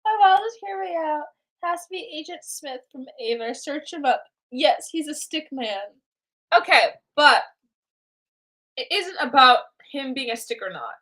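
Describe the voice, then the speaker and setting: A woman's voice: sits high, lively intonation, unhurried, sharp tone. Playful young woman streaming her drawing. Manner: playful, talks to herself while drawing. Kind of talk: casual live drawing stream chat.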